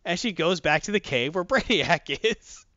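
A man's voice: sits high, animated, moderate pace, sharp tone, no echo. A man hosting a comics podcast, rambling and chatty with lots of fillers, recorded dull and lo-fi. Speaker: comic book podcast host. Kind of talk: casual chat.

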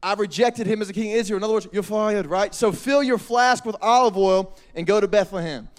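High-voiced, animated youth pastor. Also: male voice, fast talker. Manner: energetic, slangy, acts out voices. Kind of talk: youth sermon.

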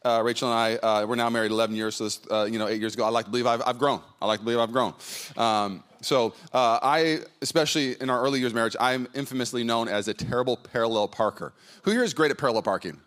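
A man's voice: medium pitch, steady tone, fast talker, a bit bright. A man in his thirties preaching a sermon to a congregation in a church, chatty and anecdotal, with many fillers and restarts. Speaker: pastor. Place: church hall before a congregation.

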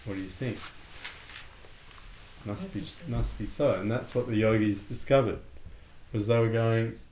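A man leads a relaxed breathing lesson, calm and conversational. His voice sits low. The room has a noticeable echo and a faint background hum. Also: unhurried. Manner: calm, conversational, acts out little dialogues. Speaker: breathing and meditation teacher. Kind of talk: relaxed spoken lesson with a student. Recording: echoey room with faint ambient noise.

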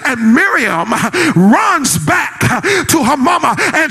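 Male preacher, high and lively voice, husky tone, whooping sermon delivery. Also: slow, few pauses. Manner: whooping, sing-song preaching with shouted climaxes.

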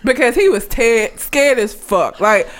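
A woman chatting casually, telling a story in an animated, profane way and laughing often. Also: fairly high pitch, a little slow. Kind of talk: casual chat.

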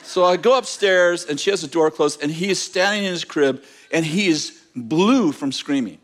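A man's voice: fairly high pitch, moderate pace. A middle-aged man preaching a sermon, telling a personal story with self-mocking humor and restarting his sentences. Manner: animated storyteller, self-mocking, repeats words when starting. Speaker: pastor.

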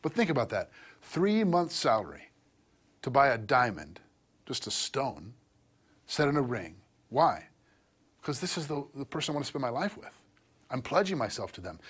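A man's voice: medium pitch, fairly bright tone, husky. A middle-aged male pastor giving a conversational sermon, asking rhetorical questions and putting on mocking voices for quoted people.

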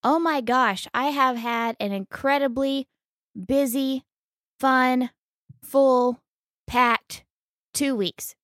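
A woman's voice: sits high, steady tone, takes it slowly, pauses often, fairly bright tone, no echo, clean studio sound. A woman co-hosting a casual podcast, talking in an enthusiastic, teasing way. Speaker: podcast co-host.

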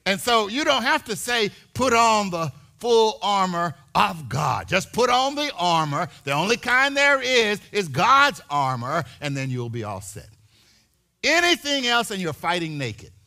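A man preaching in a church with a bright, gravelly voice. He speaks slowly and deliberately, swells into shouts and repeats his words. His pitch sits high and moves a great deal. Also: big pitch swings. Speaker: pastor. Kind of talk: sermon.

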